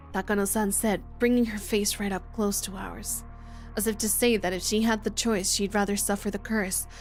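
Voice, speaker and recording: Woman reading as a curious nervous teen boy narrating, plain and steady, visual novel readalong. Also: medium pitch, measured pace, soft background music, close to an everyday voice.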